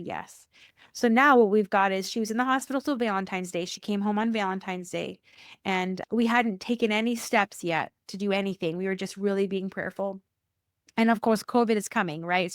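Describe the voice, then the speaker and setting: A woman of middle pitch tells a personal faith story as a podcast guest. She brings quoted dialogue to life with jumps in her voice and repeats phrases for emphasis. The recording is dry and close, with no room sound. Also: dry recording. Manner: animated, acts out quoted dialogue with rising pitch. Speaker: church worker.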